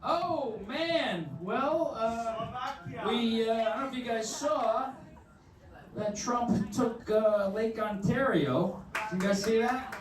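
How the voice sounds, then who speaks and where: A man's voice: very high voice, slow, echoey room, recorded from a distance. A man doing a stand-up set in a comedy club, riffing brashly and talking with the crowd, heard from afar with crowd noise. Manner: brash, riffing, chats with the audience.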